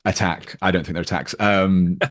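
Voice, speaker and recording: Very low-voiced man, rambling. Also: fairly even intonation, moderate pace, a bit bright. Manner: rambling, many fillers and restarts. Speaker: podcast guest. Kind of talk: casual film discussion.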